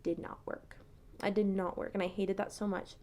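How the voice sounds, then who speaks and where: A woman's voice: medium pitch, flat delivery, normal speed, darkish tone. A young woman telling a personal story in a casual, chatty way, full of "like" fillers. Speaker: TikTok creator.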